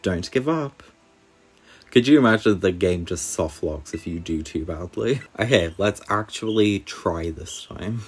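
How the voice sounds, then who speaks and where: A man's voice: sits low, normal speed, few pauses, husky. A young man giving wry, chatty gameplay commentary. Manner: wry, chatty, laughs at the game. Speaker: game commentator.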